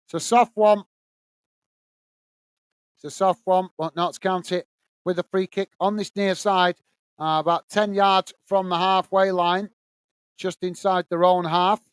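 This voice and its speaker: Man, high and smooth, dry close mic, casual fan match commentary host. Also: steady tone, unhurried, pauses often, no room sound. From England. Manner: casual, reads viewer messages between play-by-play. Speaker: watch-along host. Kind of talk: live fan commentary and chat reading.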